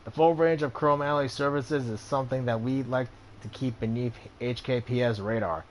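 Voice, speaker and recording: A man voicing a boisterous, hungover, middle-aged male back-alley cyber doctor in a video game. He talks brashly and jokingly, and he stays loud. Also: medium pitch, fairly even intonation, normal speed, slight background noise, lightly acted.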